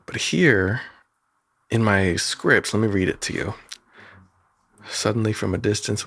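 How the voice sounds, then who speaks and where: A man with a very low, gravelly voice explains how he built his cartoon's sound and graphics. He rambles, chuckles at himself and breaks off his sentences as he goes. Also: a bit bright, no echo, clean studio sound. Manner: rambling, chuckling, self-interrupting. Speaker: animator and musician. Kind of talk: production breakdown talk.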